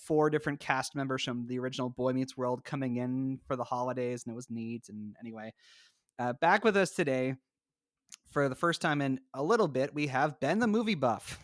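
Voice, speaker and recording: Man, podcast host, casual chat, rambling asides, mid pitch, dry close sound. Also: fairly quick, dry recording. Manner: chatty, introduces guests with rambling asides. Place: home, recording remotely.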